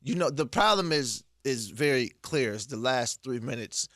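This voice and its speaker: A man, a comedian guest in a radio studio, telling stories in slangy, animated chat. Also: medium pitch, moderate pace, dry recording. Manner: animated storyteller, makes sound effects, slangy. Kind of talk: casual sports talk. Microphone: studio microphone.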